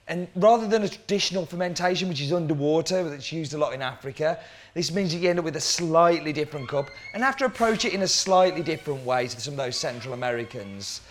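A man who works as a coffee roaster, explaining his work in a casual way and asking the viewer questions. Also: a little high.

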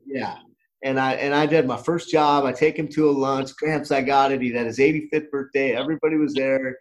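A man's voice: mid-range voice, fairly even intonation, a little fast, low-quality recording. A middle-aged man hosting a podcast, telling a story in a loose, rambling way with many restarts. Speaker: podcast host. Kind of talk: casual podcast conversation.

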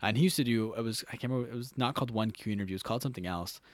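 A man's voice: medium pitch, very fast, dry recording. A man talking as a podcast guest in casual conversation, rambling and correcting himself as he goes. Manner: rambling, self-correcting, upbeat.

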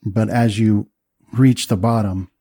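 Dark-voiced man running a tabletop game. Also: on the low side, fairly even intonation, husky, no echo, studio quality. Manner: halting, descriptive, many fillers. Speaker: game master.

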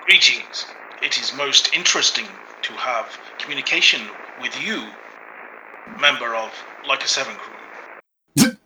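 A man's voice: medium pitch, expressive, a little slow, noisy background, lightly acted. A man voicing an odd male alien caller who talks in stilted, formal, broken phrases.

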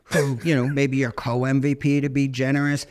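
A man's voice: mid-range voice, little pitch movement, normal speed. A man co-hosting a casual interview, enthusiastic and joking, calling people "man" and "dude". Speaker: podcast co-host.

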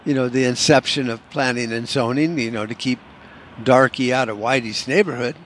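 A man's voice: mid-range voice, fairly even intonation, normal speed. Male podcast host, swearing, sarcastic rant, faint hum behind him. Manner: profane, sarcastic, ranting.

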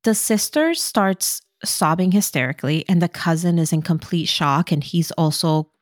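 A woman with a fairly low voice walks through a film's scenes in a deliberate, descriptive way, in a casual recap chat. The recording is close and dry, with no room sound. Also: expressive, no room sound. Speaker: podcast co-host.

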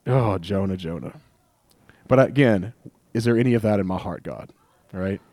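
A young man preaching a sermon in a casual, conversational way, animated and joking, slipping into little acted asides. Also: fairly low pitch, a little fast, no room sound. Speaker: pastor.

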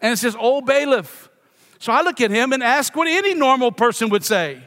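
A man's voice: extremely high pitch, lively intonation, brisk, a bit bright. A middle-aged man from Louisiana, a pastor preaching a sermon with a self-deprecating, playful personal story. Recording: long reverb of a church hall.

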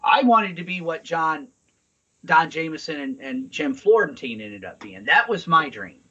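A man's voice: fairly high pitch, very animated, a little slow, pushed and bright, slightly rough, highs cut off. A man co-hosting a podcast in casual chat, talking in a rambling, profane way. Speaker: podcast co-host. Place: Saint Louis.

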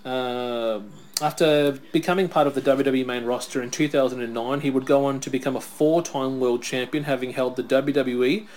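Chatty guy hosting a watch-along, reads off facts, storytelling, mid pitch. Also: steady tone, normal speed, a little mellow, slight background noise. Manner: chatty, reads out wrestler facts, tells stories. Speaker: podcast co-host. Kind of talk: casual watch-along chat.

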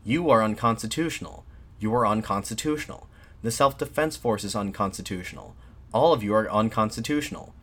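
A defiant middle-aged man harangues a crowd of soldiers, as a male narrator reads his words. He declaims insistently from a lowish voice, pushing each line up toward a shout. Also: brisk.

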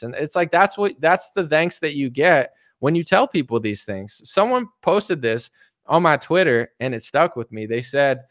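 A man's voice: fairly high pitch, lively intonation, moderate pace, fairly bright tone, dry recording, clean studio sound. A man in his thirties, a political commentator, ranting in a casual, exasperated monologue. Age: 30s. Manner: exasperated ranting, mocking others in put-on voices.

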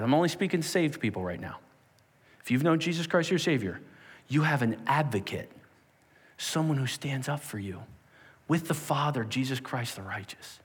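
Preacher guy, sermon, swoopy lively delivery, big hall echo. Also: a little high, fairly quick, slightly rough. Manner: animated, dramatic preaching to a live audience. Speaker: pastor. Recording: long reverb of a large hall.

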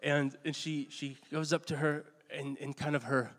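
A middle-aged male pastor delivers a sermon in a rambling, conversational storytelling manner, with frequent restarts and self-deprecating asides. His voice sits a little high for a man. A long reverb trails after each phrase, as if he is preaching in a church hall. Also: little pitch movement, normal speed, fairly bright tone.

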